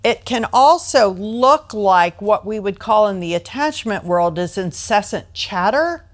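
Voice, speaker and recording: A woman's voice: medium pitch, expressive, unhurried. An American woman in middle age speaks in a plain mid-range voice to a training audience. She teaches through stories from home and slips into the voices of the people she quotes. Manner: storytelling, acts out quoted voices. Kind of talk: training talk with anecdotes.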